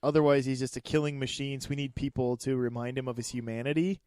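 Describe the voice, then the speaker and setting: A man's voice: mid-range voice, steady tone, fast talker, a little mellow, clear, resonant tone, no echo, studio quality. A man co-hosting a casual movie podcast, rambling through his thoughts with frequent restarts. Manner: rambling, restarts, laughs often. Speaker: podcast co-host.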